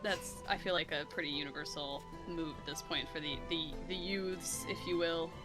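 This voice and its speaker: A woman's voice: low-pitched, fairly even intonation, normal speed, over music. A woman from the east coast of the United States, co-hosting a stream in a rambling, self-deprecating way. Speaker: stream co-host. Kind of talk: casual chat on a livestream.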